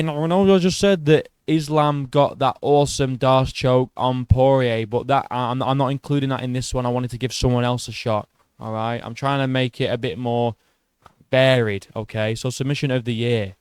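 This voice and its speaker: A man hosting a casual MMA vlog, excitable and heavy on swearing, who often restarts his sentences. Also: mid-range voice, clean tone, no echo. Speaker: MMA channel host. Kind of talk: casual fight commentary vlog.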